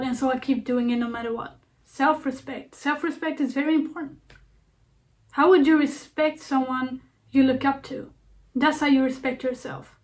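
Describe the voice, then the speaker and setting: A young woman vlogger talking casually to camera, earnest and playful, repeating herself with lots of fillers. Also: high-pitched. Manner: earnest, repetitive, playful self-talk with fillers. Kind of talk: casual self-help talk to camera.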